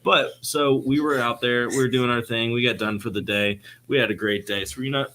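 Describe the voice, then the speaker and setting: A man's voice: mid-range voice, steady tone, brisk, bright, forceful tone, slight background noise. A man co-hosting a casual podcast, telling a story in a laid-back way. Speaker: podcast co-host.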